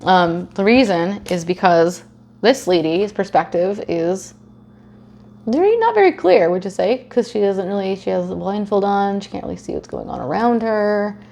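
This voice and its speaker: Gravelly-voiced woman reading tarot casually. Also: medium pitch, expressive, normal speed, dark tone. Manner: chatty, swears freely, acts out silly quoted scenarios. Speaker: tarot reader.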